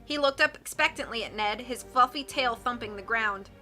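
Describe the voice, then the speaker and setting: Woman, novel reading, very bright tone, expressive, faint music behind. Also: a little high, normal speed. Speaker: audiobook reader. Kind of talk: reading a mystery novel aloud.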